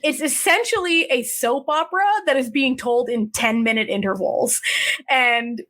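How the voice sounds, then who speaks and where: A woman's voice: high voice, normal speed. A woman co-hosting a podcast, casually and animatedly retelling a drama plot. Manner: animated storytelling, acting out characters' lines. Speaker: podcast co-host. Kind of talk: casual chat.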